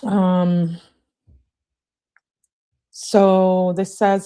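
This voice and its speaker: A woman's voice: on the low side, unhurried, darkish tone. A woman hosting a casual livestream, chatting with her viewers and reading a news article aloud with frequent filler words. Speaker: livestream host.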